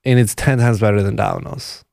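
A young man co-hosting a casual podcast chat, reacting with quick, lively opinions. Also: on the low side, gravelly, dry recording, studio quality. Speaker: podcast co-host.

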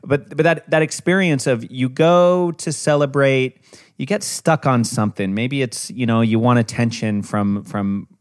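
A man's voice: mid-range voice, a little slow, no echo, clean studio sound. A man hosting a podcast, speaking in a reflective, thoughtful way during a casual chat. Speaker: podcast host.

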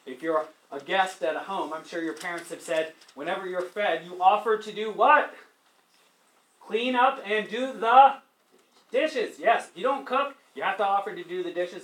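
A male teacher lecturing a class, animated, asking students questions and acting out quotes as he retells a story. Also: high voice. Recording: echoey classroom.

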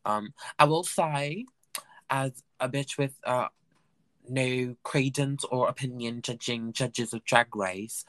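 A man's voice: medium pitch, takes it slowly, no room sound. Campy chatty male podcast host, dry sound. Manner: chatty, campy, swings between loud gushing and mumbled asides. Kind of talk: solo recap podcast chat.

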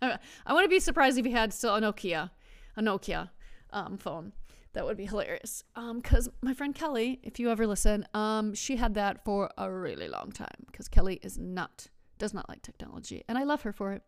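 A woman's voice: mid-range voice, big pitch swings, moderate pace. A woman hosting a casual wine podcast, rambling and chatty, who laughs often and stumbles over foreign words. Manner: rambling and chatty, with frequent fillers and restarts. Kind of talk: casual chat.

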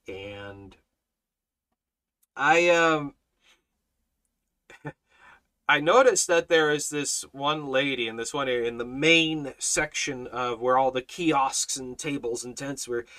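A man's voice: mid-range voice, slow pace, pauses often, bright, forceful tone. A man giving a Bible study talk as a teacher, speaking emphatically and repeating phrases for weight.

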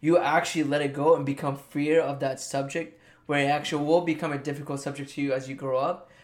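A man's voice: on the high side, level tone, quick pace. A young man co-hosting a casual podcast, reasoning loosely with many restarts. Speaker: podcast co-host. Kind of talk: casual chat.

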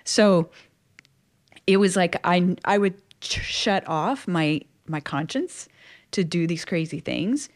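A woman from Louisiana talks as an interview guest, recounting her own story. Her voice sits a little low for a woman. She is chatty and expressive, peppering her sentences with casual fillers. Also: takes it slowly. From Louisiana, USA. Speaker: guest, Catholic religious sister. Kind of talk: personal storytelling in conversation.

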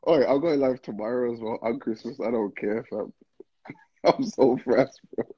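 A man hosting a casual livestream, tipsy and excitable, heavy on slang as he calls out to viewers. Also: medium pitch, moderate pace, breathy edge. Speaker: livestream host. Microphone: live stream with call-ins. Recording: dull lo-fi stream audio.

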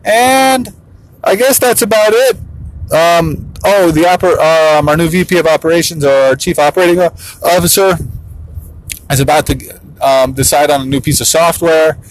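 Chatty laughing dad. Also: male voice, on the high side, normal speed, rough recording. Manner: chatty, laughs often, playfully mimics his kids. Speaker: father and business owner. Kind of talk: casual vlog monologue.

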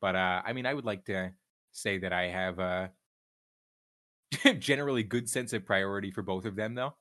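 Young male streamer guest, low-ish voice with a bright edge, candid and swearing, talks in loose restarts. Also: moderate pace. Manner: profane, candid, rambling with restarts. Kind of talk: casual chat.

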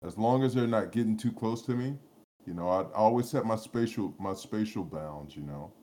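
A man's voice: fairly low pitch, moderate pace, mellow. A man, co-hosting a podcast, telling a rambling story full of cursing and laughter. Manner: rambling, profane, laughs often, lots of restarts. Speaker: podcast co-host. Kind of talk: casual chat, storytelling.

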